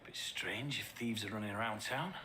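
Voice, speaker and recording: An actor playing a blunt, gruff police inspector in a period TV drama who swears casually. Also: male voice, fairly low pitch, moderate pace, bright, forceful tone. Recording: noisy background.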